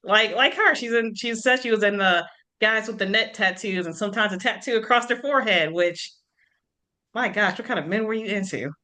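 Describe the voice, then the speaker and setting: Woman, bright tone, chatty book talk, laughs a lot, lively retellings. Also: medium pitch, brisk. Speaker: book club podcast host. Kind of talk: casual book chat.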